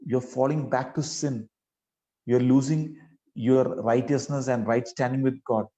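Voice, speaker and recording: A man's voice: medium pitch, steady tone, unhurried, mellow, low-quality recording. A man preaching a sermon, speaking earnestly and pleadingly to his listeners and often adding "you know" mid-sentence.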